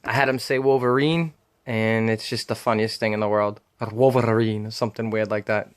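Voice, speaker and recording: A man's voice: lowish voice, steady tone, brisk, clean tone. A man with a Boston accent chatting casually in a show-and-tell vlog, rambling with frequent ums and uhs as he talks about his comic collection.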